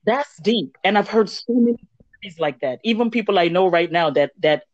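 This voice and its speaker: A woman in a casual faith podcast chat, retelling a story with lively quoted dialogue. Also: medium pitch, brisk, no echo. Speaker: podcast co-host. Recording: dull lo-fi dry recording.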